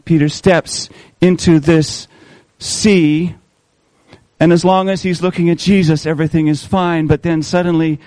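A man preaching a sermon, asking his listeners questions and slowing down on key words to stress them. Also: on the high side, warm tone, no echo, low-quality recording. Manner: asks the congregation questions, slows for emphasis.

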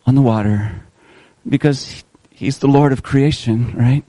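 A man preaching a sermon, asking his listeners questions and slowing down on key words to stress them. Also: mid-range voice, mellow, no room sound, poor audio. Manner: asks the congregation questions, slows for emphasis.

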